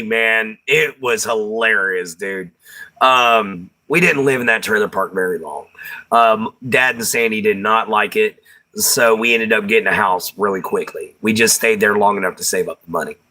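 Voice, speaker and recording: Man, Texan accent, livestream host, bright voice, easygoing chat, Southern slang, laughs a lot. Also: fairly low pitch. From Texas. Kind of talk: casual chat reading viewer comments.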